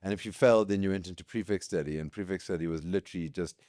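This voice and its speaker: South african guy late 30s, lowish voice, chatty school stories, laughs a lot, dry mic. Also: very fast, no echo. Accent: South African English. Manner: laughs often, lively anecdotes. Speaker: podcast guest. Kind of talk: casual storytelling chat.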